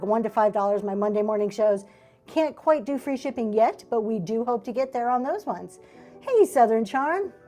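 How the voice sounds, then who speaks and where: A woman's voice: on the high side, a little mellow. A woman hosting a live online auction show, chatting casually and gushing over each vintage item as she shows it, with "um" and "y'all" along the way. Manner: says "y'all" and "um" often. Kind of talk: casual live-stream sales pitch.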